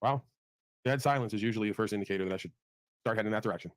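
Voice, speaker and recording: A man's voice: lowish voice, very fast, no echo. A man hosting a livestream, chatting crudely, laughing often and mimicking people. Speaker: livestream host. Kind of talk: casual chat.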